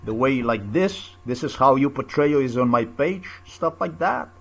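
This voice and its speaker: A man's voice: medium pitch, lively intonation, moderate pace, creaky, a bit bright. A man in a confrontational, repetitive video rant, full of rhetorical questions and swearing. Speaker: vlogger. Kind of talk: angry personal video rant.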